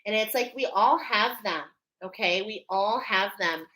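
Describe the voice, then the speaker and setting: This spiritual card reader speaks in a bright, forceful mid-range voice at a measured pace, and the audio is rough. Running a live oracle card reading, she sounds emotional and preacher-like, emphatic throughout, and keeps asking her listeners "okay?"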